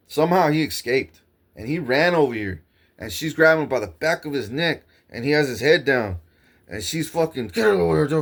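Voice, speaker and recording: A man's voice: medium pitch, a bit bright. A man delivering an agitated, profane monologue to his viewers. He circles back over the same points and keeps saying "bro.". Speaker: vlogger. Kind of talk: rambling monologue to camera.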